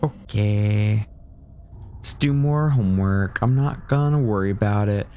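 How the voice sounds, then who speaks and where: A man's voice: lowish voice, slow pace, pauses often, darkish tone, smooth. A young man giving casual, profane commentary while playing a horror game, now and then dropping to a whisper. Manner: joking, swears a lot, drops into whispers. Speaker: gaming streamer. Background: game music.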